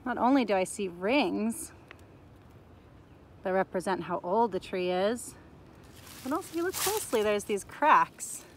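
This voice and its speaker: A woman leads a nature lesson for children as she walks a forest trail, asking her viewers curious questions. Her voice sits at a middling pitch. It is recorded outdoors on a handheld phone, with faint forest ambience behind her. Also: animated, measured pace, pauses often, slight background noise. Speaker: teacher.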